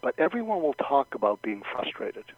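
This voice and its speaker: Husky man, calm expert advice. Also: mid-range voice, moderate pace, no room sound. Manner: thoughtful, repeats words, acts out sample lines. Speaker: guest expert. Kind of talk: conversational advice with acted examples. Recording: dull, lo-fi radio sound.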